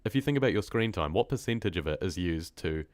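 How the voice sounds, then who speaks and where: A man's voice: deep voice, lively intonation, fast talker, no room sound, clean studio sound. A man chatting casually on a live stream, reading comments, rambling and laughing often, with a congested, stuffy nose from a cold. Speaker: horror story narrator streaming live.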